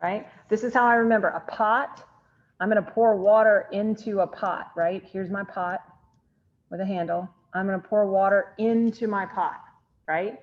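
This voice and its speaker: A woman's voice: medium pitch, moderate pace. A woman, giving an online chemistry lecture in a chatty way and asking the class questions that she answers herself. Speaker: chemistry instructor. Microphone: computer mic on a video call. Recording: slightly dull, lo-fi video-call audio.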